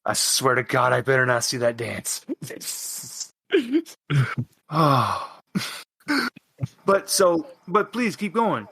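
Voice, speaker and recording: Man, game master, teasing, playful, bright forceful tone, dry close sound. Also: mid-range voice, lively intonation, slow pace, gravelly, long pauses, breathy edge, no room sound. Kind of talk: casual tabletop game chat.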